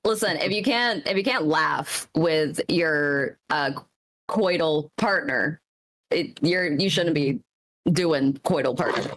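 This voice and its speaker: A woman's voice: low voice, takes it slowly. A woman guesting on a casual chat, teasing the others with bawdy humor.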